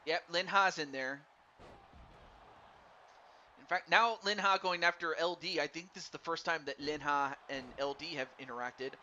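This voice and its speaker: A man doing live play-by-play commentary on a wrestling game for a stream, excitable and stumbling over his words while chatting with viewers. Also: fairly high pitch, normal speed, pauses often. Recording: dull lo-fi stream mic with faint noise.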